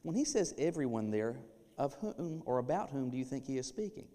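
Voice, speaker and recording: A pastor delivering a sermon, animated, breaking into playful acted asides. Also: male voice, mid-range voice, brisk. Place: church sanctuary. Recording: long reverb of a church hall.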